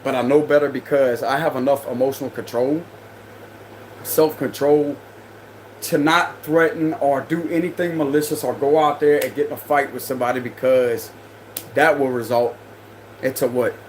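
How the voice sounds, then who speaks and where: A young man reading tarot on a livestream rants in a heated, confrontational, slangy way. His mid-range voice has fairly even intonation and a moderate pace, and the rough recording carries slight background noise.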